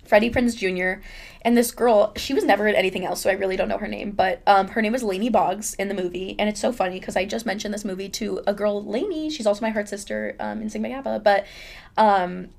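A woman's voice: medium pitch, fast talker, gravelly. A young woman hosting her own podcast in casual chat, rambling and chatty, with lots of fillers and laughter. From United States. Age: young adult. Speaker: podcast host.

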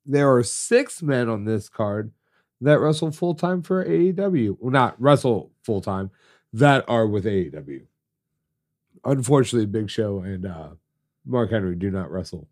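A man's voice: fairly low pitch, big pitch swings, a little slow, a little mellow. A stuffed-up man co-hosting a podcast, chatting casually and teasing his co-host. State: congested. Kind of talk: casual chat.

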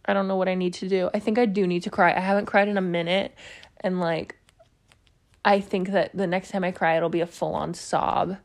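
A woman's voice: lowish voice, level tone, fairly quick. A young woman hosting a podcast, talking in a rambling, confessional way, full of swearing and "like" fillers. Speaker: podcast host. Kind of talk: casual confessional monologue.

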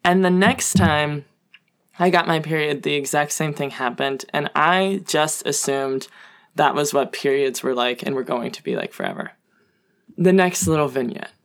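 A woman's voice: low-pitched, sing-song, normal speed. A young woman telling comic personal stories in a casual, self-deprecating way, full of fillers. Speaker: guest storyteller.

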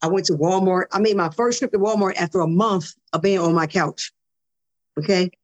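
A woman guest on a podcast, telling her story in a casual, animated way, acting out conversations and repeating words when excited. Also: on the low side, brisk, dull audio.

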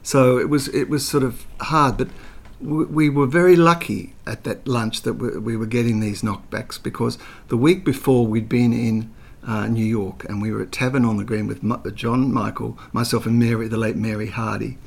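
A creaky, medium-pitched male voice with fairly even intonation comes from an older man being interviewed. He moves at a moderate pace with few pauses, telling chatty, filler-heavy anecdotes and slipping into voices as he goes.

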